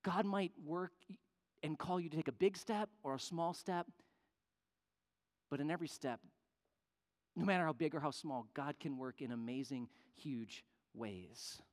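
A man preaching a sermon, telling a story with animated voices for the people in it. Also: fairly high pitch, unhurried. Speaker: pastor. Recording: long hall reverb.

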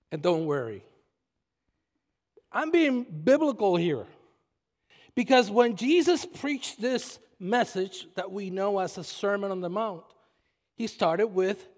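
A man with a Puerto Rican accent preaching a sermon as pastor, emphatic and repetitive, slowing down to stress his points. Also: very high-pitched. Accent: Puerto Rican Spanish. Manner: emphatic, repeats phrases and slows down for stress. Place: church sanctuary. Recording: long reverb of a church hall.

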